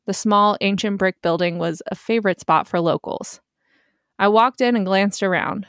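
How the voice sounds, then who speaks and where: A young woman host narrating a first-person story in a steady, plain manner. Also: mid-range voice, moderate pace, no room sound, clean studio sound.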